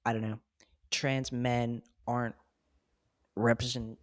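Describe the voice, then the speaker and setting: A man's voice: mid-range voice, flat delivery, takes it slowly, no room sound, studio quality. A man hosting a casual podcast conversation, loose and outspoken, swearing freely and laughing often. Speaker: podcast host.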